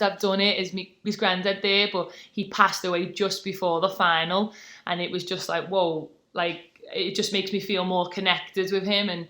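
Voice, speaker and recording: A British taekwondo athlete in her twenties is a guest on a casual podcast, telling her story. Her voice is lowish with a sharp tone, and she's chatty and full of fillers.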